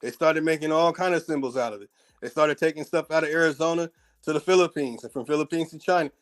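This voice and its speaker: A man with a fairly high voice delivers a blunt monologue in informal speech, with profanity. He hammers his point with rhetorical question after rhetorical question, circling back to repeat them for emphasis. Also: quick pace. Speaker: speaker giving a monologue. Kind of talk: heated spoken commentary.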